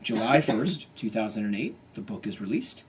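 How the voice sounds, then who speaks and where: A man in his thirties telling a comic story to an audience at a book event, animated and self-mocking, acting out his own inner voice. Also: fairly low pitch, moderate pace, a little hiss or hum.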